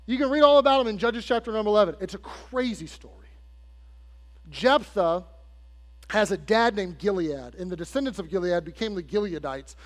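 A man preaching a sermon as pastor, telling a story conversationally, speaking straight to the congregation and acting out the people in it. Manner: acts out quoted characters with shifts in pitch and loudness. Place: church sanctuary. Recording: long hall reverb with faint mains hum.

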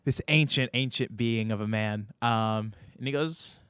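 A man's voice: mid-range voice, a little slow, very noisy. A man narrating as game master, hesitant and full of ums and restarts.

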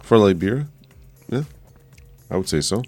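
A man with a very deep, low voice co-hosts a relaxed beer-tasting chat. He keeps to short, easygoing remarks and plainly agrees with the others. A bit of music sits faintly in the background. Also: normal speed. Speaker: podcast co-host.

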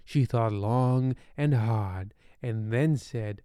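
Slow, deadpan male storyteller. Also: mid-range voice, smooth, no room sound, studio quality. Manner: deadpan, rambling, ominously sardonic. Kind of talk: comic bedtime story narration.

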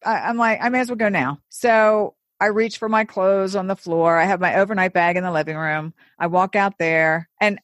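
A woman's voice: mid-range voice, fairly even intonation, moderate pace, few pauses, fairly bright tone, no room sound, studio quality. A woman casually telling a long dating story, acting out both sides of the conversation.

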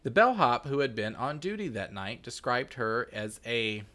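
A man co-hosting a podcast, telling a true-crime story in a jokey, casual way with quick asides and frequent laughter. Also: medium pitch, very animated, a bit bright.

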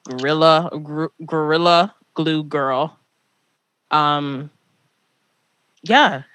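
A woman's voice: deep voice, fairly even intonation, very slow, a bit bright, no echo. A woman from Toronto co-hosting a podcast, chatting casually and animatedly, teasing her co-host with pressing questions. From Toronto, Canada. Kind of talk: casual chat.

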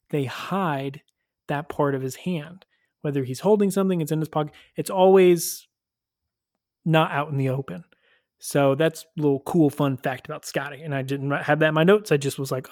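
A man hosting a review podcast talks in a chatty, animated way, leaning on fillers and laughing often. His voice sits a little high for a man, and it is recorded close and dry with almost no room sound. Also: moderate pace, no echo. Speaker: podcast host reviewing episodes. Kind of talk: casual review chat.

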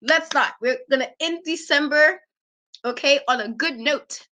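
A woman co-hosting a wrestling talk show, ranting in an animated, exasperated way and laughing often. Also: high-pitched, measured pace. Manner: emphatic repetition. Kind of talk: casual podcast rant.

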